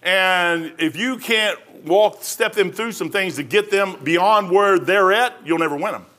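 A man preaching a sermon from the pulpit. His voice sits high and sounds bright and forward. He talks in a folksy, conversational way, full of slang and quick asides. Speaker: pastor.

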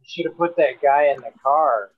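A man's voice: on the high side, moderate pace, a crowd in the background. An easygoing man in casual chat, chiming in and laughing along. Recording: tinny, dry phone-like line.

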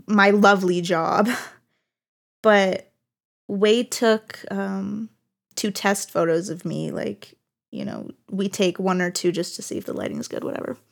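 A young woman hosting a solo podcast, speaking candidly and haltingly with many fillers and restarts, at times tearful with her voice breaking. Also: mid-range voice, creaky. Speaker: podcast host.

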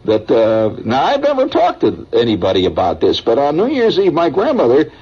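Middle-aged male radio host, rambling folksy storyteller, husky and lively, old muffled broadcast sound. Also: medium pitch, normal speed. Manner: folksy and conversational, with chuckles and asides to listeners. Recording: dull vintage radio broadcast.

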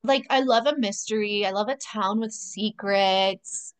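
A woman's voice: mid-range voice, unhurried, smooth. A woman co-hosting a podcast, chiming in with short, blunt reactions and quips during a casual episode recap. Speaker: podcast co-host.

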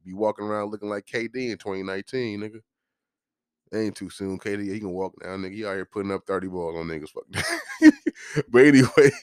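A man's voice: fairly low pitch, no room sound, clean studio sound. A man hosting a podcast, ranting in a heated, profane and joking way. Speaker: podcast host. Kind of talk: casual podcast rant.

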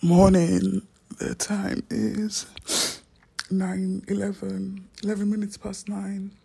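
A woman's voice: medium pitch, level tone, slow, vocal fry, warm tone, slightly rough. A young woman, vlogging casually from home into a phone in a rambling, self-mocking way, often dropping into whispers. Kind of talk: casual unedited vlog.

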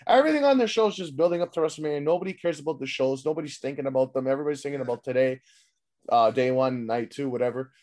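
A man's voice: mid-range voice, racing, darkish tone. Male podcast host, loose rambling recap, swears freely. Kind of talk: casual recap chat.

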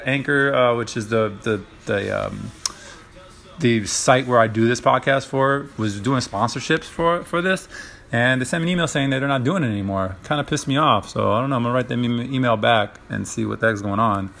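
A man's voice: mid-range voice, brisk, gravelly, a bit bright, a little hiss or hum. A young man hosting a casual solo podcast, rambling with lots of fillers and profanity. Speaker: podcast host.

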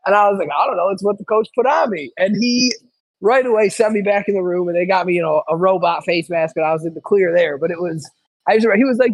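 High-voiced man telling rambling stories. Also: quick pace, dry recording, low-quality recording. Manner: rambling, animated storytelling with lots of restarts. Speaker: podcast host. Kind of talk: casual podcast chat.

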